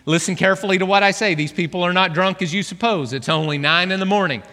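High-voiced, animated preacher man in a hall. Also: quick pace. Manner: animated, joking with the congregation. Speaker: pastor. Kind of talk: sermon. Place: church hall. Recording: long reverb of a large hall.

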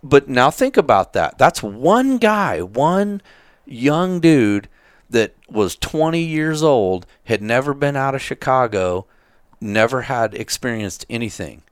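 A man's voice: medium pitch, very animated, slow pace, smooth, no echo, studio quality. A man in casual conversation who speaks bluntly, swears freely and acts out the people in his stories. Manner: blunt, profane storyteller who acts out quotes. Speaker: podcast co-host. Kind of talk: casual chat.

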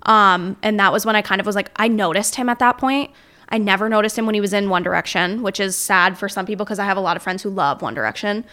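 A woman talks candidly on a casual podcast. Her voice is bright and forward, and her opinions come out blunt and unfiltered. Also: mid-range voice, quick pace. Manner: candid, blunt, mocking impressions. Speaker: podcast guest. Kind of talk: casual chat.

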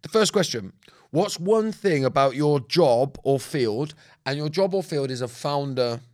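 A man's voice: on the high side, unhurried. A man with a British accent co-hosting a podcast in casual chat, telling stories animatedly and mimicking others. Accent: British English. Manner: animated storyteller, slips into others' voices when retelling. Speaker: podcast co-host.

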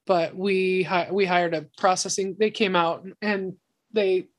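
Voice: mid-range voice, fairly even intonation, a little slow. A podcast co-host in casual chat, giving agreeable, supportive remarks.

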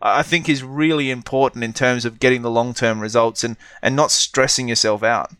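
A man's voice: mid-range voice, fairly even intonation, brisk, a bit bright, clear, resonant tone, no room sound. A man co-hosting a podcast in a casual, reflective chat, rambling a little and restarting his sentences. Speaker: podcast co-host.

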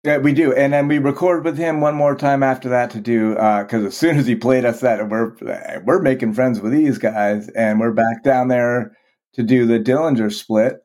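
A man from Vermont sits in as a podcast guest with a middle-pitched voice. He swears easily and keeps restarting his sentences, doubling words as he goes. The tone is loose, frank, conversational. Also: fairly even intonation, moderate pace, darkish tone. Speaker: guest, band vocalist. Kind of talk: casual podcast interview.

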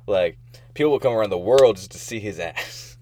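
A man's voice: on the low side, expressive, a little fast, darkish tone, a little hiss or hum. A man co-hosting a casual podcast, teasing his friend with crude humor and giggling. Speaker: podcast co-host. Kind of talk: casual joking chat.

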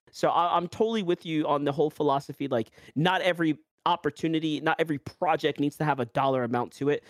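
A man's voice: on the high side, fast talker, hardly any pauses, dry recording, clean studio sound. A man with a New York accent, a commentator hosting a casual podcast, telling stories animatedly with lots of fillers. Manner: animated storytelling with acted-out quotes and many fillers.

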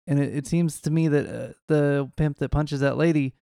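A man's voice: a little high, normal speed, vocal fry, dark tone, no echo, clean studio sound. An American man co-hosting a casual movie podcast, rambling and jokey, often mimicking how others talk. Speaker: podcast co-host.

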